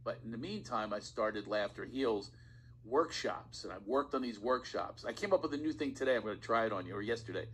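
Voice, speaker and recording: A man, a stand-up comedian, telling stories on a podcast in a casual, animated way and often laughing as he talks. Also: on the low side, a little fast, a little hiss or hum, low-quality recording. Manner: animated storyteller, laughs while talking. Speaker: guest comedian.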